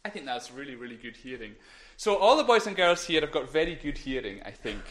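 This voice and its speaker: A man with a high, light voice leads a children's talk in church. He is playful and encouraging, and at times sinks into a hush. He speaks into a microphone. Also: very animated, fairly quick. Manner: playful, encouraging, drops to whispers. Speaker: minister giving a children's talk.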